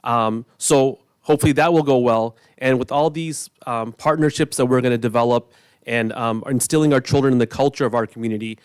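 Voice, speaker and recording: A man's voice: mid-range voice, no room sound. Earnest emotional man at a podium, dry sound. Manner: earnest, emotional, halting with restarts. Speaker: resident speaking at public comment. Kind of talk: public comment at a village board meeting. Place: village board meeting room.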